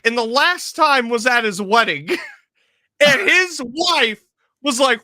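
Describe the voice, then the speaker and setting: Man, podcast co-host, casual storytelling, lots of swearing, bright voice. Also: very high-pitched, lively intonation, unhurried, dry recording. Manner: rambling, profane, storytelling. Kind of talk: casual chat.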